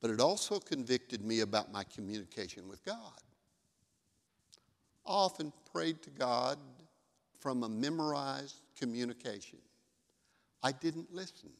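Pastor, male, mid-pitched voice, relaxed storytelling sermon, long church reverb. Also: unhurried, creaky, long pauses. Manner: conversational storytelling.

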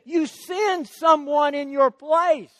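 A man's voice: extremely high pitch, steady tone, takes it slowly, fairly bright tone. Man, sermon, emphatic repetition, long hall reverb. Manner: emphatic, repeats key words for stress. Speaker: preacher.

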